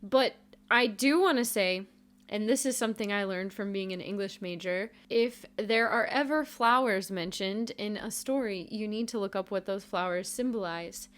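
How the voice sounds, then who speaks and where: A woman's voice: medium pitch, moderate pace, clear, resonant tone. Thoughtful, hedging woman podcast co-host. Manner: thoughtful, hedging, many fillers. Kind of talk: casual chat recapping a TV episode.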